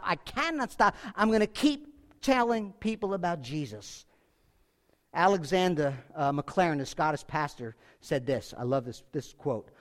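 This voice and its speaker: A man preaching a sermon, emphatic and repetitive, swinging from forceful peaks to quiet asides, with casual fillers like "like" and "you know". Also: very high voice. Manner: emphatic, repeats phrases, rises to forceful peaks then drops quiet. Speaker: pastor.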